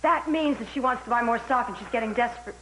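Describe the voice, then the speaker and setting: An actress playing the gentle but firm wife of a pushy patriarch in a soap opera, calm and soothing. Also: female voice, on the high side, fast talker, a little hiss or hum, natural voice, low-quality recording. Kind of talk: television soap opera acting.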